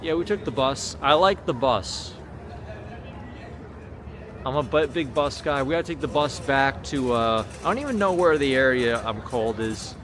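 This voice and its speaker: A man's voice: mid-range voice, expressive, normal speed, crowd noise. An American man livestreaming from a city street at night, chatting casually and reading viewer comments aloud. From United States. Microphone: small handheld camera mic. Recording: outdoor street noise. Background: city street traffic noise.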